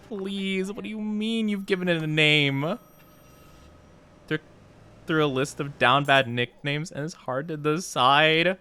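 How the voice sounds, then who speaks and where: Playful, bright-voiced male game streamer. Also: a little high, clear, resonant tone. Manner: playful, flustered denials when chat teases. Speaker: VTuber streamer. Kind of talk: live gameplay stream commentary, reading chat.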